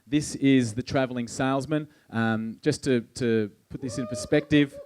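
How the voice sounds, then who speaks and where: A man's voice: medium pitch, normal speed, darkish tone, a little hiss or hum. A man giving a conversational conference keynote, with frequent ums and restarts. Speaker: keynote speaker. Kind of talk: conference presentation.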